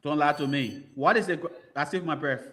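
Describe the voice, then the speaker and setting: A man's voice: on the high side, brisk, fairly bright tone. A man with a Liberian English accent moderating a school quiz bowl, reading questions and repeating commands to hurry contestants.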